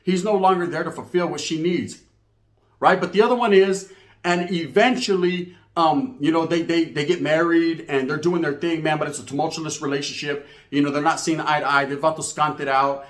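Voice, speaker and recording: Man, street storytelling monologue, slangy and profane, higher-pitched, echoey room. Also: normal speed. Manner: slang-heavy, profane, animated. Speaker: storyteller host.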